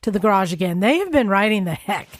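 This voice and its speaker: A woman co-hosting a casual podcast chat, telling anecdotes in an animated way and laughing often. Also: mid-range voice, fast talker, no room sound. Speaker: podcast co-host.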